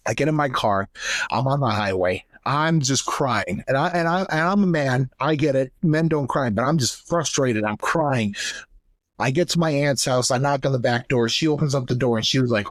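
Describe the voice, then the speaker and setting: A man's voice: medium pitch, moderate pace, no echo, clean studio sound. A young man, a podcast co-host, candidly retelling a painful family story and acting out the voices of the people in it. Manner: candid, emotional retelling, acts out quoted voices. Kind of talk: personal storytelling.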